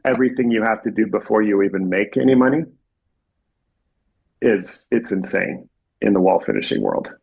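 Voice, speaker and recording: A man's voice: on the low side, big pitch swings, moderate pace, gravelly, long pauses, darkish tone, slight background noise. A man guest on a podcast, chatting casually about his trade in a laid-back way and acting out his clients. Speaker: podcast guest, plaster contractor. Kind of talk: casual conversation.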